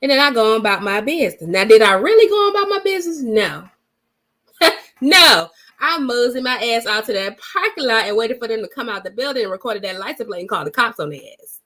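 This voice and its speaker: Woman vlogger, fairly high voice, blunt and emphatic, swears freely, dramatic storyteller. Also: a little fast. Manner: lively, dramatic retelling. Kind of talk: casual storytelling vlog.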